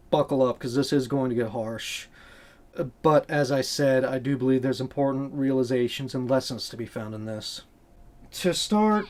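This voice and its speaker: A man's voice: mid-range voice, darkish tone. A man hosting a video essay, talking about a game in an earnest, conversational and blunt way.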